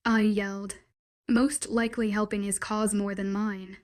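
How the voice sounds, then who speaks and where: Woman, audiobook narrator, first-person story, sardonic, mid-pitched voice. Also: level tone, measured pace.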